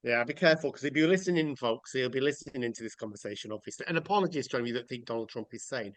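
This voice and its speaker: A man's voice: mid-range voice, rapid-fire, no echo. A man hosting a casual podcast chat, rambling through mock rants with jokes and the odd swear word. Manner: joking, rambling, swears freely. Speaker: podcast host.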